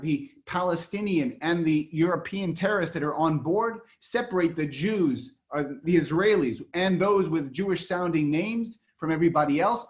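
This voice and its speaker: Male lecturer, slightly high voice, emphatic storyteller on a video call. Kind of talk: online history lecture.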